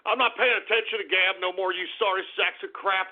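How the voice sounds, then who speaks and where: A man hosting a radio show, ranting loudly and shouting insults at his callers. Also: high-pitched, steady tone, a little fast, background noise. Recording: tinny, phone-like radio broadcast audio.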